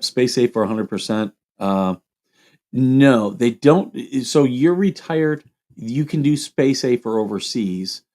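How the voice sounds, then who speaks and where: A man's voice: on the low side, a little mellow. A man hosting a casual livestream, reading viewer questions aloud and answering them in a loose, rambling way.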